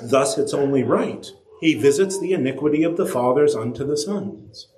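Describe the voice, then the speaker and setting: A man preaching a sermon, lively and animated, acting out quoted voices with his pitch climbing high. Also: moderate pace, slight background noise. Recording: echoey room.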